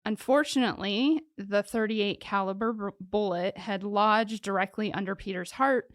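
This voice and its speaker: A woman's voice: medium pitch, normal speed, no room sound. Chatty woman, dry close sound. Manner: joking, chatty, lots of "like" fillers. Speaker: podcast co-host telling the case. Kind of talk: casual true-crime chat.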